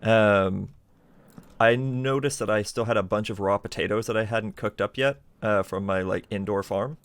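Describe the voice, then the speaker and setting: A man's voice: lowish voice, vocal fry, dry recording. A man streaming a game live, thinking aloud in a chatty way with plenty of fillers. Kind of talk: casual live gameplay commentary.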